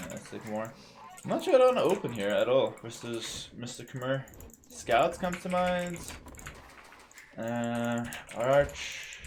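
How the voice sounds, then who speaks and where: A young man from South Carolina streaming a game, talking casually with viewers in a relaxed, rambling way and often repeating words. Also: mid-range voice, slight background noise. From South Carolina, USA. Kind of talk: casual live-stream chat.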